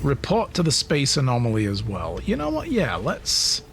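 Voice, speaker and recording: A man's voice: medium pitch, wildly swooping pitch, moderate pace, a bit bright, a little hiss or hum. A man streaming a video game, chatting casually and reading its text aloud, joking at his own expense and swearing freely. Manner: joking, self-mocking, swears freely, laughs often.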